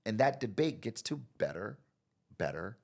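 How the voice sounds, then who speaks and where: An American marketing expert guesting on a podcast tells stories conversationally in a lowish voice at a moderate pace. He's animated, acting out the people he quotes with big jumps in his voice.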